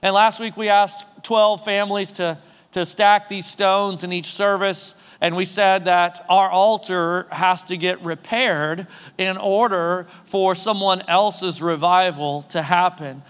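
A man's voice: high-pitched, steady tone, slow pace, fairly bright tone, clear, resonant tone, in a large hall. A man preaching a sermon in a church sanctuary, talking in a casual, conversational way and putting questions to the congregation. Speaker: pastor.

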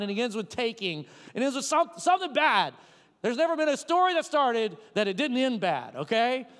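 A man's voice: sits high, fairly bright tone, big-room sound. A man preaching a casual, conversational sermon, full of personal stories and "like" fillers. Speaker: pastor.

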